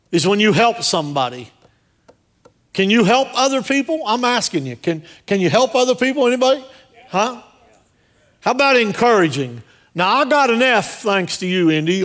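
A male pastor with a fairly high, somewhat bright voice preaches a sermon at a church service. He's jokey and direct, firing question after question at the congregation.

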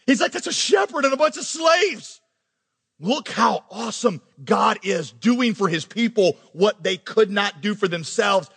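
A male pastor preaching a sermon, animated, acting out quoted characters as he goes. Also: sits high, vocal fry, husky, in a large hall.

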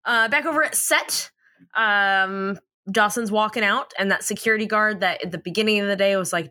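A woman's voice: medium pitch, moderate pace, sharp tone. A woman co-hosting a podcast, chatting casually and recapping a TV episode, laughing often and swearing. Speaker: podcast co-host.

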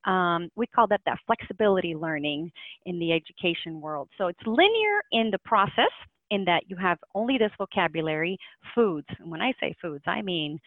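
A woman's voice: mid-range voice, no echo. A woman guest in a podcast interview, talking with energy and lots of fillers and restarts. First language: Spanish. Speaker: podcast guest, language teacher. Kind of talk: casual interview talk. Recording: tinny phone line, dry.

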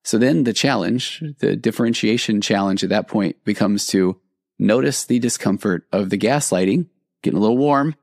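Middle-aged male therapist-host, gravelly low voice, earnest talk with restarts, dry close sound. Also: moderate pace, no room sound. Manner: earnest, conversational, with frequent restarts. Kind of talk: reflective podcast monologue reading listener stories.

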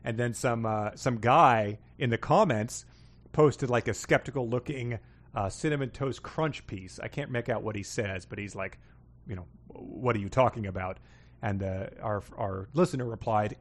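A male podcast host with a middle-pitched, ordinary voice works through listener emails in a loose, casual way. His delivery is wry and amused, full of small fillers and restarts. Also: normal speed.

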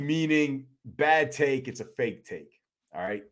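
A middle-aged man co-hosting a sports podcast in casual chat, animated and quick to laugh. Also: mid-range voice. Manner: animated, laughs easily, restarts often. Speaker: podcast co-host.

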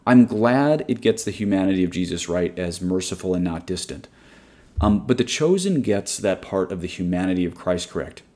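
A man's voice: sits low, a little mellow. A man preaching a meditative sermon in an earnest, digressive, opinionated way. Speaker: Catholic preacher. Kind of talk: sermon-style guided meditation.

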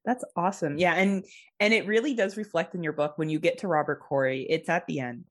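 A woman's voice: fairly low pitch, fairly quick. A woman from North America hosting a podcast interview, enthusiastic and full of praise. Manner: enthusiastic, praising, laughs easily. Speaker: podcast host. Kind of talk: casual interview chat.

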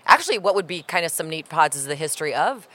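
A woman co-hosting a podcast on early childhood education, chatting and thinking aloud with quick asides. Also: deep voice, sing-song, sharp tone. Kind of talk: casual chat.

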